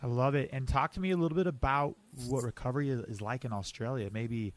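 A man's voice: medium pitch, no echo. Brief: American male podcast host, upbeat and jokey, dry close sound. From United States. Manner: upbeat, joking, quick asides. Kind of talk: casual podcast interview.

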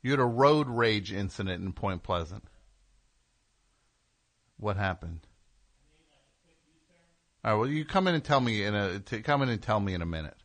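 A man's voice: fairly low pitch, expressive, normal speed, pauses often, a bit bright, no echo. A man from New Jersey hosting a call-in radio talk show, riffing in a sarcastic, ranting comic way.

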